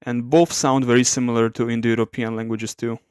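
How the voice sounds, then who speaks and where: A man hosting an ASMR language comparison, speaking softly, thinking aloud and correcting himself as he goes. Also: mid-range voice, level tone, a little fast, smooth, no echo, clean studio sound. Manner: soft-spoken, reluctant to talk aloud. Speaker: language video host.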